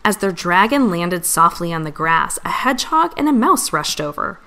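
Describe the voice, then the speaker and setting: Woman storyteller, children's read-aloud, lowish voice, lively pitch. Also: moderate pace. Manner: expressive, animated.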